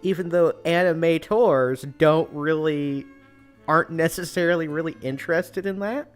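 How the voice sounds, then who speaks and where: A man's voice: on the high side, moderate pace, clean tone, faint music behind. A man co-hosting a casual podcast during a game, talking through ideas in a thoughtful, rambling way. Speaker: podcast co-host. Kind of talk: casual chat over gameplay.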